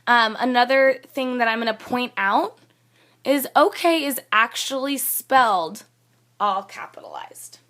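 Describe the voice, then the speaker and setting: Patient woman teacher, fairly high voice. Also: measured pace, sharp tone. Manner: reads a student's text aloud, then comments plainly and patiently. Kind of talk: classroom demonstration of peer editing.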